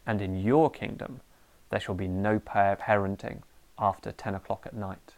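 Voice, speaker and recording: A middle-aged man preaching a sermon, animated and lively, sometimes acting out a ranting parent. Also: lowish voice, moderate pace.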